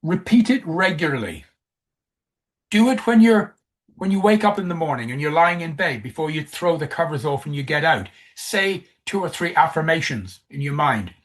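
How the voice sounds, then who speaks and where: A man's voice: a little high, animated, normal speed. A man giving a coaching presentation, emphatic, who repeats key phrases.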